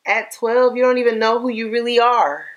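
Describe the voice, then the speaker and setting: A woman's voice: fairly high pitch, steady tone, normal speed. A young woman co-hosting a casual chat, chatty, full of rhetorical questions and "like". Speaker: podcast co-host.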